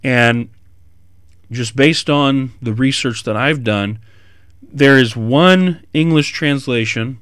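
A man preaches through a passage, animated and rising to sudden emphatic bursts. His voice sits at an ordinary middle pitch. The sound is dry and close, with no room around it. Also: slow, smooth, no echo. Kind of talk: expository sermon.

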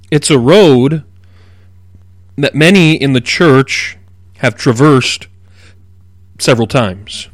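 A middle-aged man hosting a radio Bible teaching program, explaining at a measured pace and leaning hard on key words. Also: mid-range voice, dry recording. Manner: measured, explanatory delivery with emphatic stresses.

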